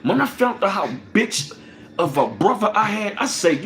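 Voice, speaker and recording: A man hosting a livestream, ranting angrily and profanely with lots of repetition, swinging between loud bursts and low mutters. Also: big pitch swings, normal speed. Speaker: livestream host.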